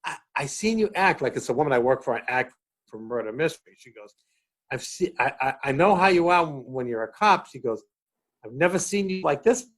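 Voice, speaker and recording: A middle-aged man with a Boston accent, a comedian chatting as a guest and telling stage stories with lively, acted-out quotes. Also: medium pitch, brisk. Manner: animated storyteller acting out quotes. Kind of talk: casual chat, storytelling.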